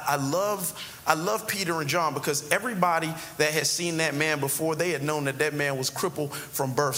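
A man's voice: a little high, bright, forceful tone. A male pastor preaching a conversational sermon in a church, with sudden emphatic rises. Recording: long hall reverb, faint background noise.

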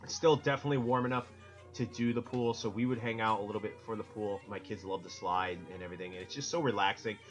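A man's voice: lowish voice, steady tone, fast, soft background music, rough recording. A middle-aged man from Connecticut, co-hosting a casual podcast roundtable, rambling and joking and cutting himself off mid-sentence. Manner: rambling, jokey, self-interrupting. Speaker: podcast co-host.

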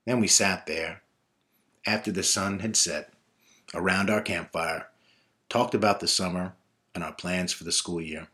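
Low-voiced man telling a personal story. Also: steady tone, unhurried, long pauses, bright, forceful tone.

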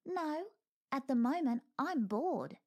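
A woman's voice: high-pitched, lively intonation, slow pace, darkish tone, pitched above the performer's own voice, heavily acted. A woman voicing a cheeky, bored female ferret who answers coldly and bluntly in a storybook reading. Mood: mocking.

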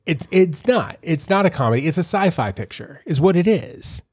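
A very animated male co-host with a higher, darkish, husky voice talks at normal speed in a casual podcast. He tells rambling stories, laughs often, and restarts a lot; the studio-quality audio has no room sound.

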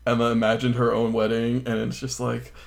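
Gravelly-voiced rambling podcast co-host. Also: mid-range voice, monotone, a little fast. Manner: rambling, many "like" fillers, laughs often. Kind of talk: casual podcast chat.

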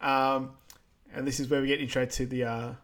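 A man's voice: medium pitch, normal speed. A man, recapping a film and agreeing briefly. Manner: relaxed, brief agreeing replies. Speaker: podcast co-host. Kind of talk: casual chat rewatching a film.

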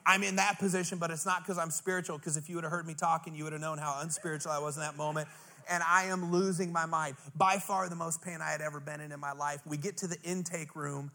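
A middle-aged male pastor with a bright, forceful voice that sits a little high for a man. He tells a comic story with animated acted-out lines, then drops into a soft, earnest preaching tone. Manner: acts out his own past lines in a high, whiny voice. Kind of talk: storytelling sermon.

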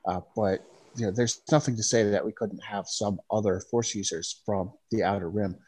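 A man's voice: on the low side, fairly even intonation, darkish tone, slightly rough. Hesitant man on a podcast. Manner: measured, hesitant with many uhs. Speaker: podcast co-host. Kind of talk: casual chat.

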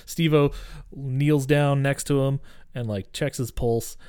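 A man co-hosting a podcast, recapping a movie in casual, profane, animated chat. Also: mid-range voice, takes it slowly, clear, resonant tone, no room sound, studio quality. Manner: profane, animated retelling of scenes. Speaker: podcast co-host.

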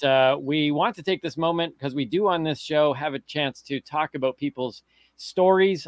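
A man's voice: medium pitch, no echo. A man hosting a casual podcast chat, upbeat and joking with his guests. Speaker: podcast host.

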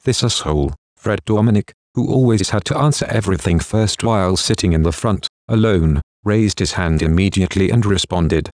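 A man narrating a first-person novel in a steady, even storytelling manner. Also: low voice, normal speed, few pauses, dry recording, clean studio sound. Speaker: audiobook narrator.

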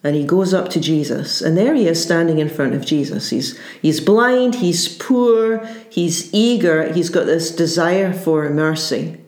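A woman preaches a sermon at an unhurried pace, earnest and searching, circling back to rephrase her points. Her voice sits low for a woman. The room around her is echoey and reverberant. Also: a little mellow. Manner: earnest, searching, restarts phrases. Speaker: pastor.

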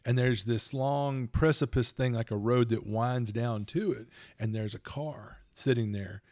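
A middle-aged man co-hosting a podcast, telling rambling, animated stories with plenty of laughs. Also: medium pitch, unhurried, no room sound, studio quality. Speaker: podcast co-host. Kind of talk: casual chat.

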